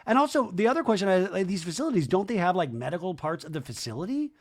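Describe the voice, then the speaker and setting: A man hosting a podcast, recapping a reality show in an animated, gossipy, rambling way. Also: high-pitched, fast talker. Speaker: podcast host. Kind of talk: casual comedic TV recap.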